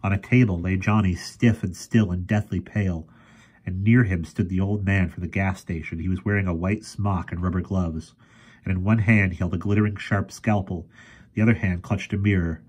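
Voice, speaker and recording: A man reading a novel chapter aloud in a steady, measured way. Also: low voice, breathy edge. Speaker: storyteller.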